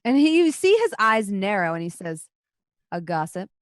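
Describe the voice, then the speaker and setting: A woman narrating as game master of a tabletop horror game, relaxed and loose, with fillers. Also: on the high side, moderate pace, dry recording.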